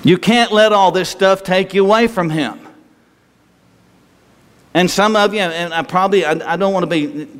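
Folksy pastor guy preaching, kinda high voice, big church echo. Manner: folksy, rambling with restarts and chuckles. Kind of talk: sermon. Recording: long hall reverb.

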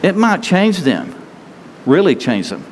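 Man preaching, high voice, conversational sermon, rhetorical questions, echoing hall. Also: wildly swooping pitch, a little slow. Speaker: pastor. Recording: long reverb hall, faint noise.

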